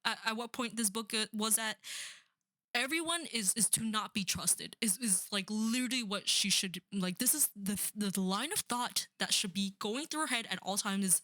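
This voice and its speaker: A woman's voice: mid-range voice, moderate pace, sharp tone, dry recording, clean studio sound. A young woman rambling sarcastically through a book review, full of "like" and "um". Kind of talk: casual rant about a book.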